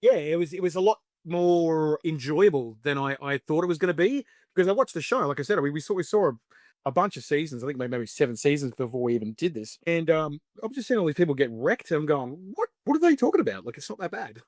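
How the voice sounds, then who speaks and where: With a slightly high, animated voice and a somewhat quick pace, an Australian spicy food show creator chats as a podcast guest. His storytelling is loose and full of fillers and impersonated quotes, recorded cleanly in studio quality without room sound.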